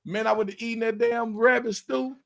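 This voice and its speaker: A man, hosting a casual podcast and telling an animated story, repeating words and swearing as he acts out quotes. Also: very high-pitched, fairly quick, gravelly, a loud crowd. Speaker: podcast host.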